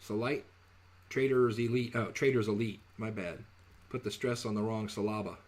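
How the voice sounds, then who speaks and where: A man's voice: fairly low pitch, brisk. A man teaching trading in a casual live webinar, chatty and jokey, often correcting himself mid-word. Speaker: trading educator.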